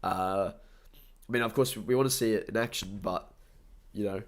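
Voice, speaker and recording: Young australian guy, stuffy nose, lowish voice, rambling casual stream chat. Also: moderate pace. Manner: rambling, chatty, upbeat, thanks viewers often.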